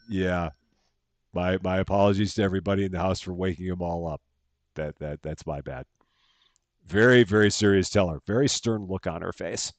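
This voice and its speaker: A man's voice: low-pitched, darkish tone, dry recording. A man chatting casually as he live-streams a game at home, thanking viewers by name and laughing at himself. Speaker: streamer playing a bank simulator game.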